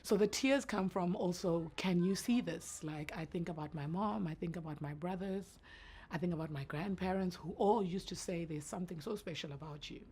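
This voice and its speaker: Deep-voiced woman, husky and earnest. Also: normal speed, a little mellow. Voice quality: naturally deep voice. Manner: earnest, reflective, with restarts. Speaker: entrepreneur guest. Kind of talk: emotional interview answers.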